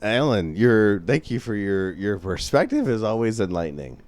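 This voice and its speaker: A man's voice: lowish voice, very animated, normal speed, darkish tone. A young man from the upper Midwest co-hosting a podcast, giving dry, teasing short replies. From upper Midwest of the United States. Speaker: podcast co-host. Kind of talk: casual comedic chat.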